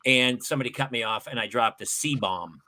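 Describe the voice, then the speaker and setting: A man's voice: medium pitch, brisk, crowd noise. A man hosting a parenting chat show, talking bluntly and laughing at his own stories. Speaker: podcast host. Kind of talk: casual chat.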